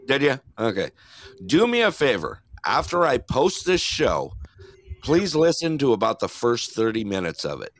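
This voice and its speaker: A man hosts a laid-back live online show, joking with his callers and laughing often. His pitch moves around a lot as he talks. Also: wildly swooping pitch, normal speed, no echo. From New York. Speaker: host. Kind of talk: casual live show chat.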